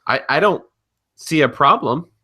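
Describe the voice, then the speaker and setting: A man co-hosting a casual wrestling and sports podcast, calm and matter-of-fact with a teasing streak. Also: a little high, a little slow. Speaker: podcast co-host. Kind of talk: casual chat.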